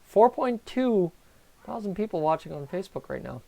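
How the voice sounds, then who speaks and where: A Canadian man hosting a live stream, giving excitable, chatty reaction commentary on a hockey game and talking to his viewers. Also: sits high, moderate pace, gravelly. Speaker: livestream host.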